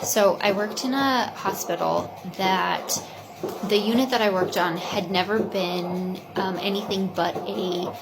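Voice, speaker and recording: A woman who is an ICU nurse tells a story in a quick, conversational way. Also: medium pitch, creaky. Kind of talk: casual storytelling. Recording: loud constant background noise.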